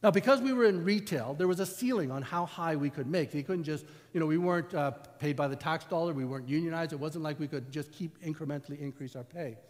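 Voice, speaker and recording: A man's voice: a little high, fast, hardly any pauses, a little mellow. A man, preaching a sermon as pastor in a conversational storytelling way. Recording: long hall reverb.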